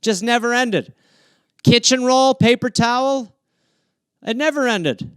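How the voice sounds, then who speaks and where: Man, high voice, smooth and clear, dry close sound, playful improvised comedy riffing. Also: takes it slowly, dry recording. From Wisconsin, US. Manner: playful, jumps into silly character voices. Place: home, livestream. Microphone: phone or webcam.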